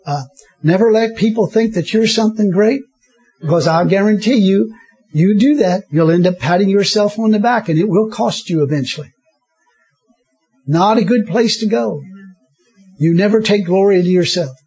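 Delivering a sermon at a normal speed, this man has a high, darkish, husky voice. Frequent chuckles and interjected hallelujahs punctuate his preaching, and he tends to say things more than once.

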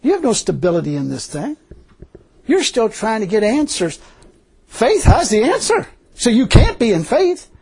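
Man, older, preacher, informal sermon, high voice, husky, animated, laughing. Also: moderate pace.

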